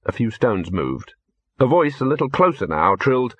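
A man calmly narrating a story as an audiobook reader. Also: mid-range voice, moderate pace, slightly rough, no echo, highs cut off. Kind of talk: scripted narration.

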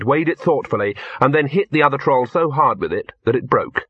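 A man calmly narrating a story as an audiobook reader. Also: mid-range voice, normal speed, few pauses, husky, no room sound, dull audio. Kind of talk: scripted narration.

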